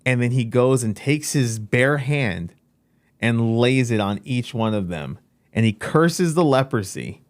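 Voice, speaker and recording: A man casually telling a personal faith story, acting out his own lines with lively emphasis. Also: medium pitch, a little slow, no echo.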